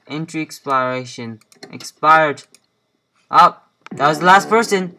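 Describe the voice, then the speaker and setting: A man's voice: mid-range voice, slow pace, music in the background. A young man giving casual gameplay commentary, muttering to himself as he plays and sounding playfully bossy. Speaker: let's play gamer.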